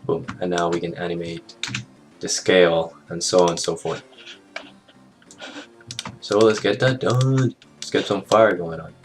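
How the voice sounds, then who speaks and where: A man walking through an animation software tutorial in a casual, think-aloud way, with fillers and small jokes. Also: low-pitched, fairly even intonation, unhurried, pauses often. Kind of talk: screen-recorded software tutorial narration. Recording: clear background music under the voice.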